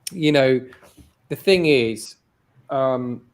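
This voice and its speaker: A man's voice: mid-range voice, extremely slow. Chatty British man, guest on a show. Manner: chatty, heavy with "you know" and "like" fillers. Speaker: interview guest, domain investor. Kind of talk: casual interview chat.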